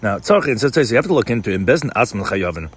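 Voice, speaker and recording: A man's voice: on the low side, very animated, breathy edge. A man explaining a Talmud passage in class, reading out terms and translating them, often repeating words as he goes. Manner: rapid, mixes Hebrew-Aramaic terms with English, frequent repeated words. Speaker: Talmud teacher.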